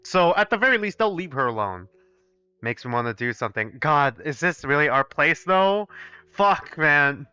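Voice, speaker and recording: A young man streaming his first playthrough of a visual novel, reading the text aloud and commenting to chat in an animated, profane way. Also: a little high, moderate pace, smooth, no room sound, highs cut off. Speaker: gaming streamer. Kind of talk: live let's play, reading aloud and commenting.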